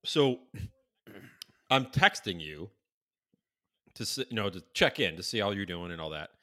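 Male co-host, casual profane storyteller, bright tone, lots of restarts. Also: on the low side, big pitch swings, unhurried. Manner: rambling, profane, many fillers and restarts.

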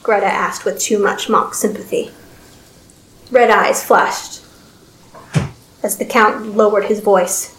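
Casting: woman storybook narrator, steady, even reading, mid-pitched voice, roomy echo. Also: a little slow, long pauses.

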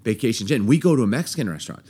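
A man's voice: mid-range voice, animated, very fast, dark tone, breathy edge. A middle-aged man co-hosting a podcast in casual chat, jokey and teasing, with frequent ums. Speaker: podcast co-host.

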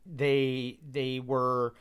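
A man in his thirties from Georgia hosting a live stream Q&A, answering in a reflective, hesitant way with many pauses and fillers. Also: mid-range voice, flat delivery, smooth. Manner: reflective, hesitant with many ums, gets emotional. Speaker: host.

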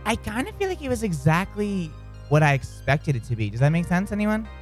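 An upbeat man hosting morning radio, chatty and quick to restart his sentences. His pitch swings widely as he talks. Faint music plays under his voice. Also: very animated. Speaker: radio show host.

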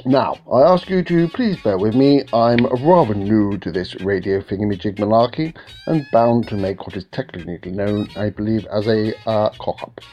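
A man's voice: on the low side, normal speed, highs cut off, soft background music, lightly acted. A man playing a snobby, stuffy radio presenter in an overly formal, pompous manner.

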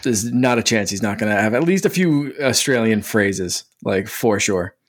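A man's voice: fairly low pitch, expressive, normal speed. A man co-hosting a gaming podcast from his kitchen table, telling chatty stories about his son. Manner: chatty, fond dad anecdotes. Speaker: podcast co-host. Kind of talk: casual chat.

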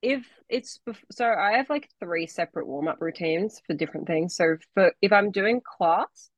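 Low-voiced young woman, chatty podcast co-host. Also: animated, normal speed, no echo, dull audio. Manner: chatty, rambling with many fillers. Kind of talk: casual chat.

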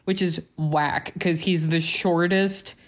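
A young adult podcast co-host chatting casually, joking and swearing freely through family stories. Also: female voice, fairly low pitch, steady tone, slow. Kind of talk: casual chat.

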